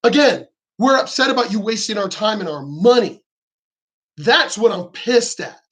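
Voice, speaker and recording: Expressive and a bit bright, this mid-range voice moves at a moderate pace through an angry political rant. The vlogger curses often, stays sarcastic and heated, and imitates opponents to mock them.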